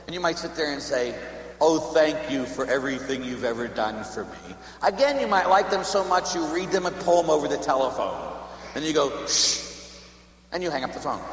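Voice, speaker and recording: A man's voice: a little high, reverberant, long reverb tail, a little hiss or hum. A man preaching a homily as a Catholic priest in a church, telling long humorous stories in a conversational way. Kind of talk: sermon.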